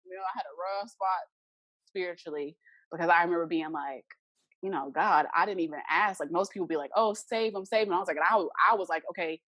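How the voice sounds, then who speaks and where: A woman's voice: lowish voice, quick pace, sharp tone, dry recording. A young adult woman, a podcast guest, earnestly telling a personal story and acting out the remembered dialogue.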